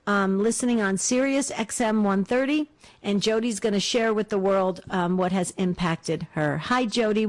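Earnest woman hosting call-in radio. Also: medium pitch. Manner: warm encouraging, slow and earnest. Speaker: radio host.

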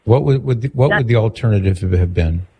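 A man hosting a radio call-in show, asking calm, measured questions and summing up what he hears. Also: on the low side, slightly rough. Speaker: radio host.

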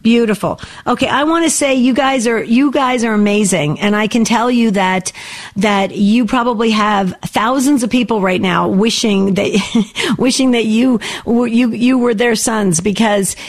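A woman's voice: fairly high pitch, unhurried. A woman hosting a call-in show, affectionate and encouraging with her callers. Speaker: radio host. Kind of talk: call-in radio talk.

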